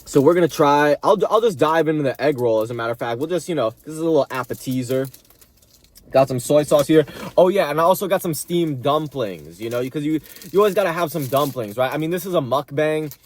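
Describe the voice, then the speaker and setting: A man's voice: fairly high pitch, expressive, fairly quick. Guy rambling and joking over takeout, laid back vlog chat. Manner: joking, rambling, talks while eating. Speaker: mukbang host giving fight picks.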